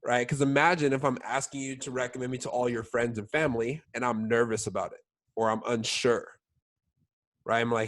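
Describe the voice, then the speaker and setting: A man's voice: mid-range voice, steady tone, brisk, a bit bright. A young man coaching his sales team in a casual training talk, full of "like" and "all right?" check-ins. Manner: filler-heavy, keeps checking in with "all right?".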